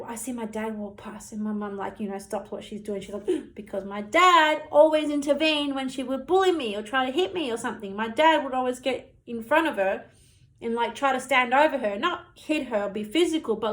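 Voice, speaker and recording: Woman, 30s, fairly high pitch, unscripted personal testimony, earnest and heated with lots of fillers. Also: normal speed, fairly bright tone. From Australia. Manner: earnest, heated retelling full of "you know" and "like". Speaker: storyteller recounting her childhood.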